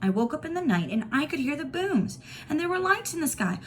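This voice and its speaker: A small, stubborn girl of five wails and chirps in a high, sing-song way, as a woman reading a storybook puts her on. Her voice jumps up in pitch and swings through a lively range. It is read aloud to students. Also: a little fast, a little hiss or hum. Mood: eager. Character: whiny five-year-old little girl, stubborn.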